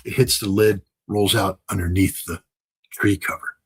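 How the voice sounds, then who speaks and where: A man's voice: lowish voice, steady tone, normal speed, slight background noise, rough recording. An older man giving impassioned commentary, talking emphatically with many fillers, restarts and repetitions.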